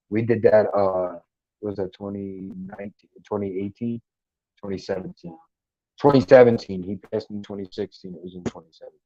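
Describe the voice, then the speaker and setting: A man's voice: on the low side, warm tone, no room sound, highs cut off. Joking, profane man hosting a livestream. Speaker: livestream host. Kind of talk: casual chat reading live comments. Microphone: headphones and mic at a computer.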